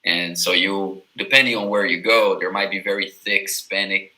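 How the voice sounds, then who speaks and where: A man's voice: deep voice, steady tone, normal speed, pushed and bright, poor audio. A man from Miami, a native English tutor, talking loosely in a casual live chat, full of "like" and "you know". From Miami, USA.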